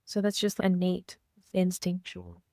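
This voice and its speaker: A woman co-hosting a podcast, speaking softly and reflectively in casual heartfelt chat. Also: lowish voice, level tone, measured pace, vocal fry, no room sound, clean studio sound. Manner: reflective, soft-spoken, many fillers. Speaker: podcast co-host.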